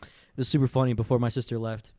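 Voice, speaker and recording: A man's voice: mid-range voice, level tone, fast, mellow, no room sound, studio quality. A man in his twenties telling crude stories in a casual, slangy way, often laughing and swearing. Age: 20s. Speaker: podcast host.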